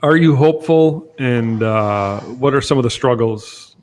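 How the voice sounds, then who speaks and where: A man with a middle-pitched voice hosts a casual interview. He asks his questions in an easygoing, plain way. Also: a little slow, a little mellow. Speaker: host.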